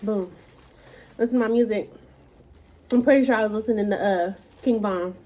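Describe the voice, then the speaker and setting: A young woman, telling a profane, animated storytime rant to her camera at home. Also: medium pitch, moderate pace. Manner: animated, profane, dramatic retellings. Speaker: vlogger.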